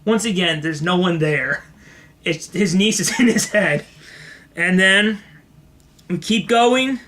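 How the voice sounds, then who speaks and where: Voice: mid-range voice, slow pace, a bit bright. A podcast co-host chatting casually and telling a story, laughing often along the way. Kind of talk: casual comedy podcast chat.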